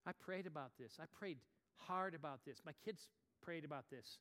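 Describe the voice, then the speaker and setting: Bright-voiced preacher in an echoing hall. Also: male voice, fairly high pitch, a little fast, few pauses. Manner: dramatic swings from near-whispers to loud outbursts. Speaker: pastor. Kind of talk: sermon. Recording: long reverb of a large hall.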